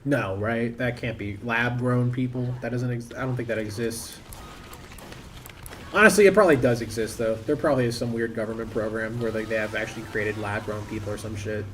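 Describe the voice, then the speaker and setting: A man's voice: mid-range voice, fairly even intonation, brisk, a little hiss or hum. Rambling man streaming a game. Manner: rambling, thinking aloud, self-interrupting. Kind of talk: casual live-stream commentary.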